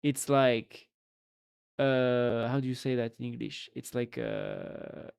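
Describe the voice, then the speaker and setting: A man's voice: medium pitch, huge pitch swings, slow, creaky, a little mellow, smooth. A man from France with a French accent, chatting casually on a live stream and thinking aloud with lots of fillers.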